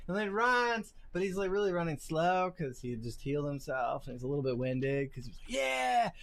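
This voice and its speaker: A man's voice: fairly high pitch, fairly even intonation, brisk, a bit bright. A man narrating a tabletop game as game master, loose and chatty, swearing casually.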